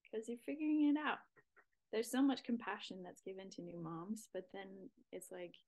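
A young woman speaking earnestly on a church podcast, halting, with many fillers and breathy near-whispers. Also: mid-range voice. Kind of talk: casual faith talk.

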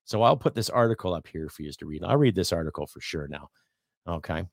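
Middle-aged Canadian man, podcast host, low and dry; blunt profane rant with loud bursts and muttered asides. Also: animated, quick pace, vocal fry, no echo. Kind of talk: opinionated rant.

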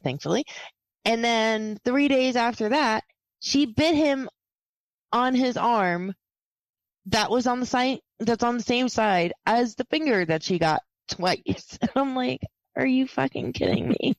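A woman co-hosting a casual podcast, telling a story slowly with laughs and exasperated asides. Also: a little high, expressive, dry recording, rough recording. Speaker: podcast co-host. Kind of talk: casual chat.

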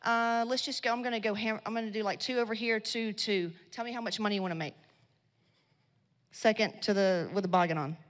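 A woman's voice: medium pitch, fairly even intonation, a little fast. Blunt, swearing woman in an echoing hall. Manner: blunt, swearing, slangy and loud in bursts. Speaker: speaker at a women's business event. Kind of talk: profane motivational talk to a live audience. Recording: long hall reverb.

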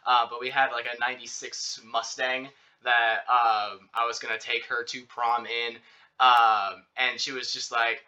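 A young man chats casually, spinning out a personal story with constant fillers and restarts. His voice is very bright and edged, and he jumps up in pitch when acting out what he said back then. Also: normal speed, highs cut off. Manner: rambling, filler-heavy, animated retelling. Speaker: podcast host telling a story.

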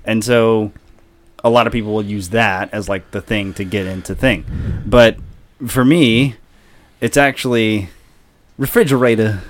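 A man's voice: lowish voice, a little slow. A man co-hosting a podcast, chatting casually about doing impressions with lots of fillers. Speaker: podcast co-host. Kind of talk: casual chat.

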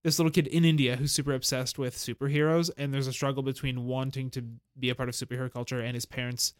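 A man's voice: mid-range voice, flat delivery, fast talker, smooth. A man co-hosting a podcast in casual chat, rambling with lots of fillers and restarts. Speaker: podcast co-host.

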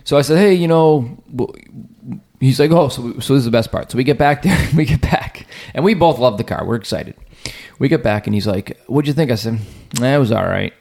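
A man, hosting a podcast and telling a rambling story, acting out what people said. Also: mid-range voice. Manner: rambling storyteller, quick and animated, acts out quotes. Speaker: podcast host. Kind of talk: casual chat.

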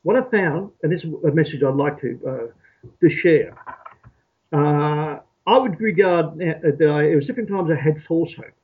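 A man from Australia telling his story as an interview guest, halting and repeating words as he thinks. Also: on the high side, slightly rough. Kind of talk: reflective storytelling. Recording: tinny phone-like call audio.

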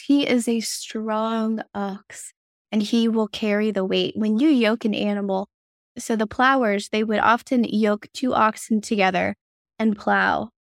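A woman's voice: medium pitch, vocal fry, no echo, studio quality. A woman hosting a faith podcast, enthusiastic and affirming as she chats with her guest. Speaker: podcast host. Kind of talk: casual faith podcast chat.

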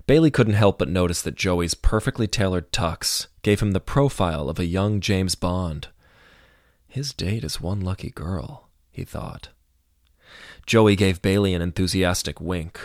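A man reads a story aloud in a steady audiobook style. His voice is very low and deep. The recording is dry, with little room sound. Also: dry recording. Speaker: narrator. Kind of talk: audiobook narration.

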